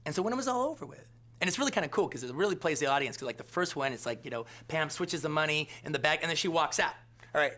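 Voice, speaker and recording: Male director, raised pitch, sharp bright tone, loose filler-heavy storyteller. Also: animated, very fast. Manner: rambling, filler-heavy, keeps asking "all right?". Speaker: film director. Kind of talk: interview anecdote.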